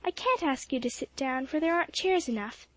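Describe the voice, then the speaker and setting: A woman's voice: high voice, expressive, fairly quick, fairly bright tone, no room sound. A woman doing a humble, tearful widowed mother. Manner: humble, apologetic.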